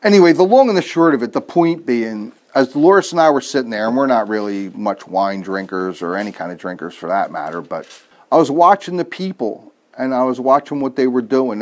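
A man's voice: mid-range voice, animated, a little fast, a little mellow. A man preaching a casual sermon, telling everyday stories and asking rhetorical questions, with self-deprecating asides. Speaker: pastor.

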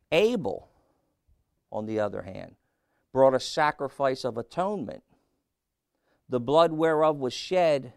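A man's voice: medium pitch, creaky, clear, resonant tone, dry recording, clean studio sound. A man preaching a sermon, putting questions to his listeners and pressing each point. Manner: slow, emphatic preaching with questions to the congregation.

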